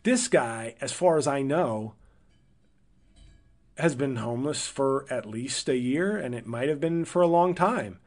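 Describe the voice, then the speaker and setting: A man's voice: animated, measured pace, darkish tone. A man hosting a podcast, telling a long personal story in a casual, rambling way, correcting himself as he thinks aloud. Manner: livelier and higher when quoting people. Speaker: podcast host.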